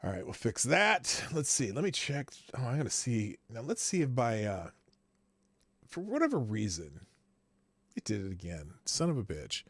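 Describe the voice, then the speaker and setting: A man's voice: mid-range voice, huge pitch swings, normal speed, fairly bright tone, breathy edge, dry recording. A middle-aged man hosting a livestream show, chatting casually in a rambling, loose way with offhand swearing. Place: small home streaming studio.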